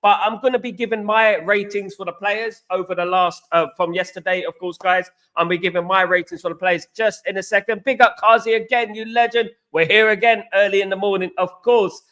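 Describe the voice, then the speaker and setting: English man, young adult, live-stream host, casual chatter to viewers, pitched fairly high. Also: fairly even intonation, fairly quick, few pauses, pushed and bright. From England. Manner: chatty, keeps addressing viewers as guys and mate.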